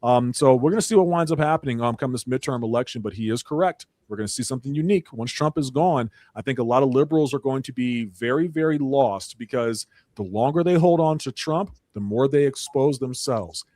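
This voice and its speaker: A man's voice: medium pitch, fairly quick, hardly any pauses, dark tone, no room sound. A man hosting a political commentary panel, emphatic and preachy, with a mocking edge. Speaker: panel host.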